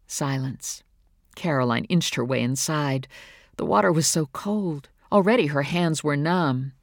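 A woman narrating a novel in a steady, measured reading voice. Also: low voice, no echo, studio quality. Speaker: audiobook narrator. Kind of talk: scripted narration.

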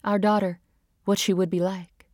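A woman voicing a young wife and mother who is emotional and speaks in a higher, urgent, pleading voice. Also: level tone, moderate pace, darkish tone, dry recording, studio quality, natural voice. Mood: wistful.

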